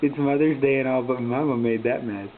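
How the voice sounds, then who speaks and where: A father at home gently coaxing and teasing his baby to swallow his food. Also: medium pitch, steady tone, fairly quick. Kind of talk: casual home video baby talk. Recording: tinny lo-fi home camcorder audio with hiss.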